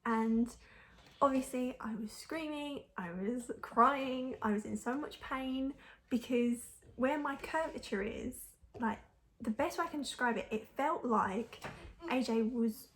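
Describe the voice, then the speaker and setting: A woman's voice: fairly high pitch, unhurried. A young woman telling a personal story to camera in a frank, chatty way, laughing often and using lots of fillers. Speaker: mum vlogger.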